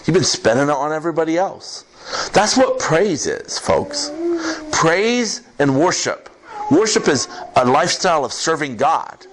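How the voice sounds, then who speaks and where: A man preaching a sermon as pastor to a congregation, in an animated, conversational way with quick asides. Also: a little high. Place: church service with congregation.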